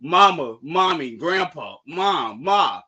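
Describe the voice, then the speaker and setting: Excitable, animated young man streamer. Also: on the high side, slow, husky, lo-fi sound. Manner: excitable, slangy, bursts into shouted outbursts. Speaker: streamer reacting to a manga chapter. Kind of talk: live reaction stream.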